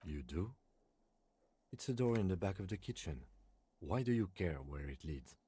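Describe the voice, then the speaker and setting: A man voicing a calm, reserved police lieutenant in a video game, dry and matter-of-fact. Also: deep voice, moderate pace, slightly rough, heavily acted.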